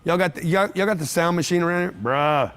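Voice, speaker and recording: A man's voice: sits high, little pitch movement, very fast, fairly bright tone. A man giving a brash, punchy motivational talk to a live audience in an event room, hammering home repeated phrases. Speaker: motivational speaker.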